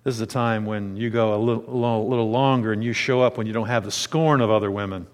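A man preaching a sermon in a lively, conversational way, with dramatic pitch swings. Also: fast, long reverb tail. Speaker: pastor.

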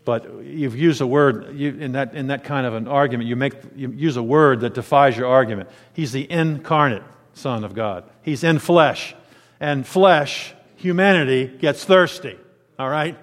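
A male pastor preaches a conversational sermon, swinging from high, loud emphasis to quiet asides. His voice sits mid-range and carries a long reverb, as in a large sanctuary. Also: moderate pace. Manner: animated, conversational, with dramatic pitch swings.

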